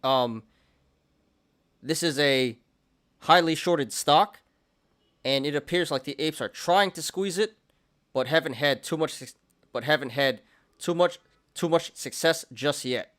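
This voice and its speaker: A man's voice: a little high, unhurried, pauses often, a bit bright. A young man hosting a market show, chatting casually through charts, often laughing and restarting his sentences. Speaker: stock and crypto show host.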